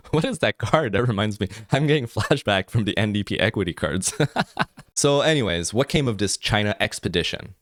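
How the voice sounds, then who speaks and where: A French-Canadian man delivers a political monologue full of sarcasm and mockery. His voice sits low but swings widely in pitch as he jabs at his targets. The sound is close and dry, with no room around it. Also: animated, moderate pace, a bit bright, no room sound. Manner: sarcastic and mocking. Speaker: political commentary host. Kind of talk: opinion commentary monologue.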